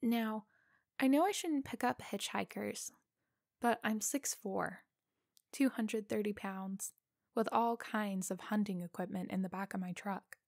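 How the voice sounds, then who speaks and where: Woman narrator, scripted suspense story, slow deliberate reading, mid pitch, dry close sound. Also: no echo.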